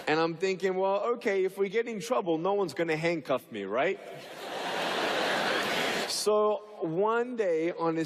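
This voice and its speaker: A man giving a motivational talk, telling funny stories with lively jumps into the voices of the people in them. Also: on the high side, big-room sound. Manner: animated, acts out the people in his stories with big voice jumps. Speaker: motivational speaker. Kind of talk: humorous storytelling talk.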